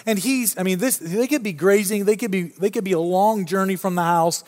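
A man with a high, light voice preaching in a relaxed, storytelling way. He keeps circling back and restarting his phrases as he builds his points. The sound carries a long reverb tail from a big church hall. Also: fairly quick. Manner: casual, storytelling, frequent restarts. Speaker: pastor. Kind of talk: conversational sermon.

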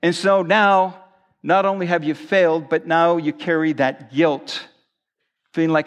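A man's voice: on the high side, steady tone, a little slow, a bit bright. A male pastor preaching a sermon at a church service, conversational and earnest.

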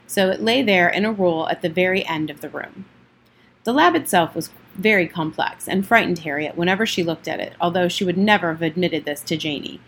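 A woman reading a children's novel aloud in a plain, steady way, with the odd slip and restart. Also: fairly low pitch, fairly quick, a little hiss or hum. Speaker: audiobook reader.

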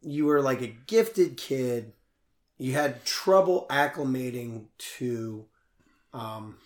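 A man's voice: medium pitch, expressive, slow pace. Dry, probing male interviewer in a roomy space. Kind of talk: casual interview. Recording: roomy echo.

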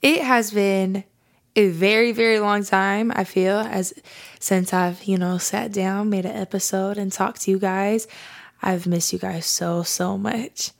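Young woman, podcast host, gravelly voice, excitable, faith chat. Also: medium pitch, a little slow. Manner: bubbly and enthusiastic, says y'all; prays softly and earnestly.

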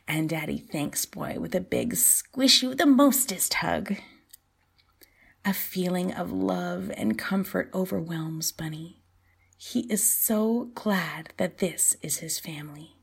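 A woman host reading her own short story aloud, softly and often in a near whisper, with a breathy voice. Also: fairly low pitch, expressive, takes it slowly. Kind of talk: storybook narration.

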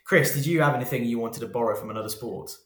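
A man's voice: medium pitch, fast. A man co-hosting a casual podcast, easygoing and teasing. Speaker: podcast co-host. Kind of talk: casual chat. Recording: roomy echo.

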